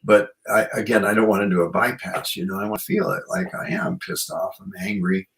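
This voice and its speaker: A man's voice: on the low side, fairly quick, a bit bright, low-quality recording. A man hosting a radio show, chatting in a rambling, reflective way with many "you know"s. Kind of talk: casual chat.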